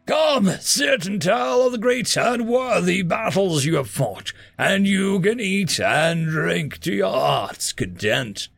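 A man voicing a friendly old king who welcomes a guest in a slow, booming voice. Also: animated, creaky, a bit bright, no echo, soft background music, full character voice. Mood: welcoming. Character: friendly old bearded king of a mead hall.

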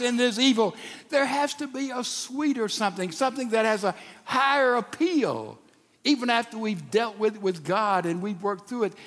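An older man preaching a sermon in a folksy, animated way, with stammered restarts. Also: sits high. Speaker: pastor. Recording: long reverb of a large hall.

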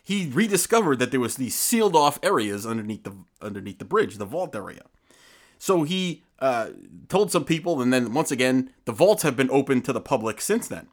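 Lively joking male podcast host. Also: mid-range voice, fairly quick. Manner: jokey storytelling, reads from notes. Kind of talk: casual podcast chat.

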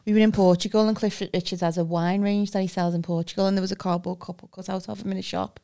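A woman's voice: medium pitch, quick pace. Chatty Scouse woman telling stories. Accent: Liverpool (Scouse). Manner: storytelling, animated, acts out voices with laughs. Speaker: podcast co-host. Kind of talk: casual chat.

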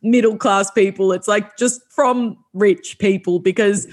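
A woman's voice: medium pitch, fairly even intonation, measured pace. A woman hosting a podcast, talking in a blunt, emphatic way, swearing freely and saying "like" often. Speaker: podcast host. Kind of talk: casual chat.

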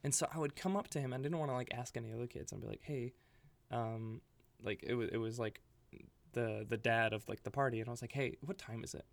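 A man co-hosting a podcast, telling a story in a casual, animated way with lots of "like" fillers. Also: mid-range voice, fast, vocal fry, no echo. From Libya. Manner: filler-heavy, animated, laughing while telling stories. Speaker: podcast co-host.

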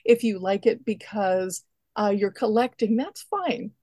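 A woman guest who creates decks, speaking in a measured, thoughtful way in casual chat over a remote call. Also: mid-range voice, warm tone, dry recording.

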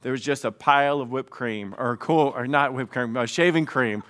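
A middle-aged man preaching a sermon as pastor, telling a personal story with animated quoted bursts. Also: mid-range voice, normal speed.

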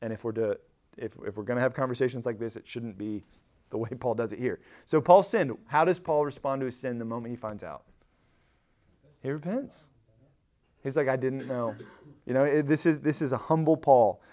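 This man's medium-pitched voice moves fairly quickly as he runs a church Bible study. He's animated and chatty, frequently backing up to restart phrases, and he acts out quoted lines with emphasis that climbs.

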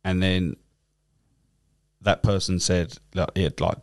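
A man talks in a loose, rambling way and swears often. His voice sits low. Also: level tone, slow pace. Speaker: cab driver, podcast guest. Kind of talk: casual chat.

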